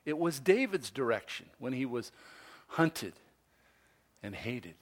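A man preaching a sermon, swinging from loud, emphatic stresses to soft, low asides. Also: very animated. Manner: slow, deliberate delivery with pauses. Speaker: pastor.

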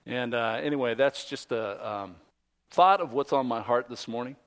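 A man in his fifties, a pastor, giving a conversational sermon, telling a story in a relaxed way with many ums and light jokes. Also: mid-range voice, moderate pace.

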